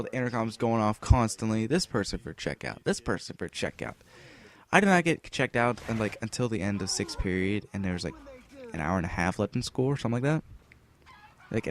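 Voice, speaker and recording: Rambling teenage boy telling a story. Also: medium pitch. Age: teens. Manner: rambling, filler-heavy, with restarts and acted-out quotes. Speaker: gameplay commentator. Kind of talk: casual storytelling over gameplay.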